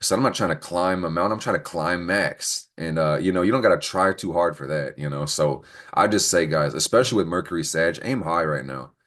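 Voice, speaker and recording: A young man hosts a casual weekly astrology show over a computer call, talking slightly fast with hardly any pauses in a low, fairly bright voice. He jokes, swears freely, and laughs a lot, picked up by a computer mic on a screen recording.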